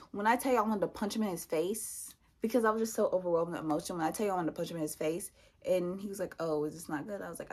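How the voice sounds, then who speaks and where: This young vlogger's voice is lowish and slightly rough, and she speaks rapid-fire while sharing a personal story. Animated throughout, she acts out what the other people said in their own voices.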